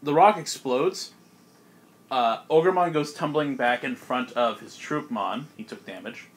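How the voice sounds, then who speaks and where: Young man, game master, casual tabletop narration, laughs a lot, mid pitch. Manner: casual, laughs often, quick voice snippets for monsters.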